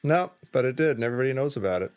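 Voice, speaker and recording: A man's voice: medium pitch, expressive, very fast. A man co-hosting a comedy podcast who laughs often and reacts with mock disgust. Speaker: podcast co-host. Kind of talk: casual comedic chat.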